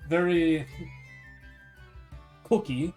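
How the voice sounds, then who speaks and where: A man's voice: a little high, extremely slow, darkish tone, soft background music. A man streaming live while cooking, chatting in a casual, rambling way and swearing freely. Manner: rambling, profane, loose.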